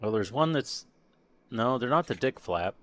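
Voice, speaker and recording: A man's voice: medium pitch, animated, normal speed. A man chatting casually on a live stream while painting a model kit, muttering to himself and trailing off. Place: home workshop.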